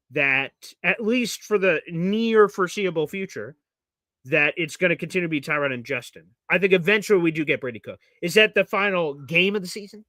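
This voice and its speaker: Bright-voiced animated sports talker, man. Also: sits high, no room sound. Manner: animated, acts out quotes in a raised voice. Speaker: podcast co-host. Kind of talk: casual sports talk.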